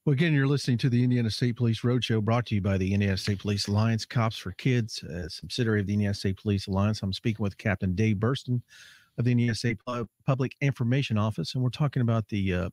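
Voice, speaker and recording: A man with a fairly low voice hosts a radio interview show. He asks his guest questions conversationally, pausing now and then on an "um" or "uh". The sound is dry and close to the mic. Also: a little mellow, no echo. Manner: conversational, hesitant fillers.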